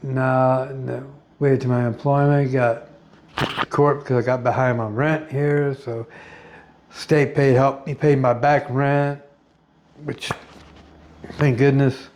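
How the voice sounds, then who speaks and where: A middle-aged American man in a rambling personal monologue, blunt and profane, pausing often with fillers. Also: mid-range voice, little pitch movement, a little mellow. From United States. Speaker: vlogger.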